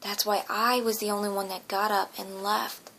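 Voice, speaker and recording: A woman's voice: medium pitch, little pitch movement, normal speed, pushed and bright, slight background noise, low-quality recording. A woman earnestly recounting a dream as a personal testimony, emotional and often dropping into a whisper.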